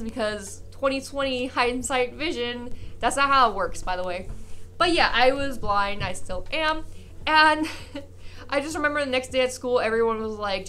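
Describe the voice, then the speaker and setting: A young woman vlogger telling a funny personal story in a casual, animated way, acting out the people she quotes and laughing often. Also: fairly high pitch.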